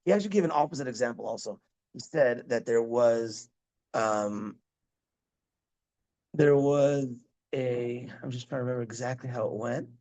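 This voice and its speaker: A man's voice: medium pitch, normal speed, pauses often, warm tone, low-quality recording. A middle-aged man, a rabbi, teaching a parenting class in a casual, rambling way, often repeating himself and breaking off mid-sentence. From Israel-educated, speaks Hebrew. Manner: rambling, self-interrupting, repeats words.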